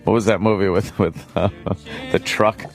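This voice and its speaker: A man co-hosting a radio talk show, telling a story in an animated, profane, laughing way. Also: fairly low pitch, moderate pace, faint music behind. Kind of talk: casual storytelling.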